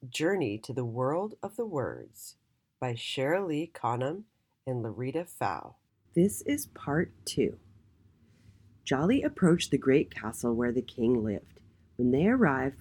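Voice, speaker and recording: A woman hosting a children's story read-aloud, reading gently and expressively. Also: low voice, husky. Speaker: host.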